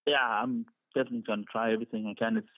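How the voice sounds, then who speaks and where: A man from Denmark calling in to a podcast, speaking in a halting, hesitant way. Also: mid-range voice, fairly even intonation, no room sound. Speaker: caller. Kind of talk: phone call-in chat. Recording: phone line.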